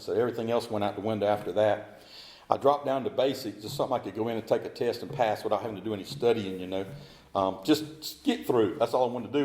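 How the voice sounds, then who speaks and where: A middle-aged man, telling his story as a speaker at a recovery meeting in a folksy, animated way. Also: lowish voice, reverberant.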